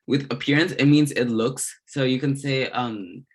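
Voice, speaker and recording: A man tutoring a grammar lesson, explaining step by step in a deliberate way with occasional fillers and restarts. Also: mid-range voice.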